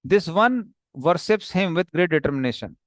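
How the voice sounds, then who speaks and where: A man's voice: a little high, expressive, normal speed, dry recording, clean studio sound. A man teaching a scripture class, explaining the text with many fillers and restarts. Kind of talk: explaining a text, paraphrasing dialogue.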